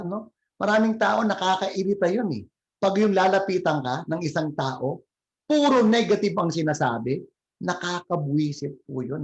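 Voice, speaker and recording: A man with a Filipino accent preaching a sermon, switching between Tagalog and English and addressing listeners as brothers and sisters. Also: high voice. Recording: echoey, muffled lo-fi room.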